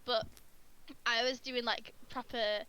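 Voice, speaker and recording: A woman's voice: on the high side, fairly even intonation, takes it slowly, bright, forceful tone, smooth, highs cut off. A young-sounding woman, chatting casually and giggling between rambling stories on a game-night call. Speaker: primary school teacher, tabletop player.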